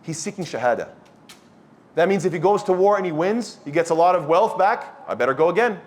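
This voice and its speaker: A man with a high, slightly mellow voice talks a little fast while giving a blunt, scolding sermon to a youth study circle. It's a lecture-style talk to a live audience, and he quizzes them with questions.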